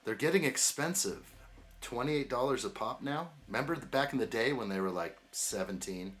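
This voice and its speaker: A man's voice: mid-range voice, lively intonation, normal speed, a bit bright. A man hosting a building live stream, chatting in an upbeat way and greeting viewers by name. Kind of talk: casual live-stream chat while building.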